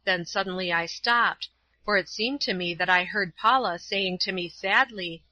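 Bright-voiced woman reading an audiobook. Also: medium pitch, moderate pace, dry recording, muffled recording. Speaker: audiobook narrator. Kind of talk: scripted narration.

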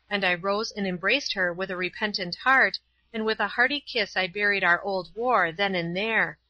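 A woman reads a storybook aloud, calm and measured, her voice bright and clear. The recording is dry and slightly dull, with no room sound. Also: medium pitch, dry recording. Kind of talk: storybook narration.

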